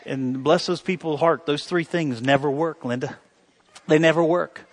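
A male pastor preaches in a high, bright-ringing voice. He mixes humor with urgent storytelling and swings from low, soft asides up to lifted, emphatic lines. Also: normal speed. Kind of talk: sermon.

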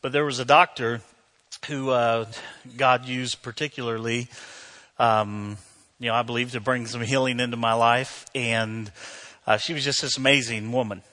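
A man's voice: medium pitch, steady tone, normal speed, bright, forceful tone. A middle-aged male pastor giving a sermon, telling a personal story in a conversational way with many fillers before building to emphatic preaching.

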